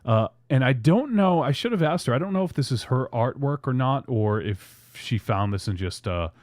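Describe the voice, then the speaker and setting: A man's voice: mid-range voice, animated, normal speed, darkish tone, no echo, clean studio sound. A man hosting a casual podcast, reading fan tweets aloud in a loose, rambling way. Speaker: podcast host.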